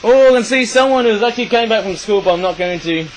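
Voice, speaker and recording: A man vlogging as channel host, chatting excitedly with frequent tag questions while filming rain from indoors on a camera mic. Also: high-pitched, fast talker, few pauses, a little hiss or hum, rough recording. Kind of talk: casual vlog narration.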